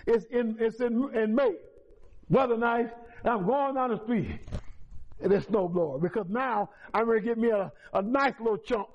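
A man's voice: very high-pitched, moderate pace. A man telling his own life story as a testimony at a meeting, folksy and repetitive, with chuckles. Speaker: recovery meeting speaker. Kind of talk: personal testimony. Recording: dull lo-fi recording.

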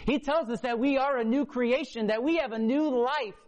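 A man preaching a sermon testimony, impassioned, swinging from a low hush to loud emphasis. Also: normal speed, highs cut off. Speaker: prison ministry preacher. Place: hotel or church meeting room before a congregation.

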